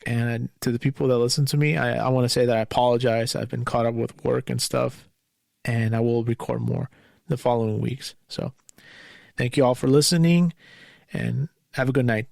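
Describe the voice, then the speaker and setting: A man's voice: mid-range voice, fairly even intonation, normal speed, vocal fry, a little mellow, dry recording, clean studio sound. A man hosting his own podcast, talking alone in an anxious, bitter way and swearing often. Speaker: podcast host. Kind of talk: solo podcast monologue.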